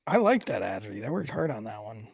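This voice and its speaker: A man's voice: fairly low pitch, very animated, brisk, gravelly, breathy edge. A man co-hosting a podcast, joking around with crude, profane banter. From Irish family roots. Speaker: podcast co-host.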